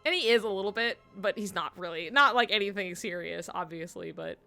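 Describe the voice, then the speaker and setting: A woman streamer chats while she plays, giggling often as she tells animated stories. Her pitch sits in the middle of the range. Faint game music plays under her voice. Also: a little fast, creaky. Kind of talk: casual chat while playing a video game.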